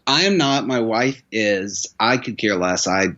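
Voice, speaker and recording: A man with a fairly low, sharp-toned voice and lively intonation talks at a measured pace as a podcast guest in casual chat. He tells a long, rambling story packed with restarts and repeated words, recorded with dull lo-fi sound.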